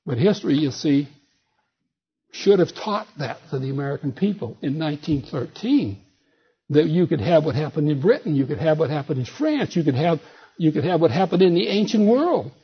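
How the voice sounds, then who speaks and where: Husky older man telling folksy stories. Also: fairly high pitch, very animated, normal speed. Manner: folksy, storytelling, wry. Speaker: speaker and author. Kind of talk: lecture with anecdotes. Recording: dull lo-fi recording.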